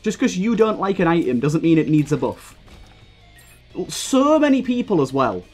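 A young man commenting on his own gameplay, swearing freely and getting heated as he talks. His pitch swings widely from line to line. Faint game music plays beneath his voice. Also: big pitch swings, normal speed, a little mellow. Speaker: gaming video creator.

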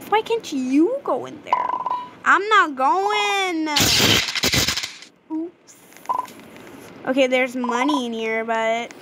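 A woman giving casual gameplay commentary, chatty and excitable, reading game dialogue aloud. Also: high-pitched, takes it slowly. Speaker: gaming video creator. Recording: noticeable background noise.

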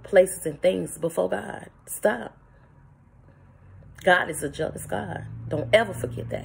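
A woman preaches a motivational morning talk into her phone. Her voice is gravelly with a husky edge, and she hammers her points home emphatically, breaking into laughter between lines. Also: mid-range voice. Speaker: vlogger. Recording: phone-recorded vlog.

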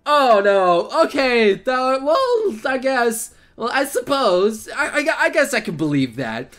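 A man giving excitable let's play commentary, laughing and swearing through his reactions. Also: very high-pitched, slow pace. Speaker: gaming channel host.

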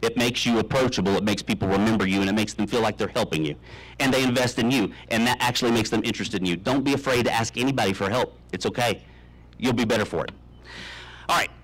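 A man in his thirties giving a humorous commencement speech, telling deadpan tall tales with many ums and uhs. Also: fairly low pitch, quick pace, poor audio. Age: 30s. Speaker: commencement speaker. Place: graduation ceremony, speaking to an audience.

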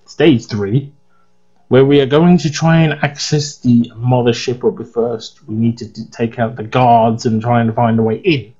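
Groggy English man with a husky voice. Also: medium pitch, darkish tone, lo-fi sound. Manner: chatty, rambling, trails off. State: groggy, voice worn out. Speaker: let's play host. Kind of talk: casual gameplay commentary.

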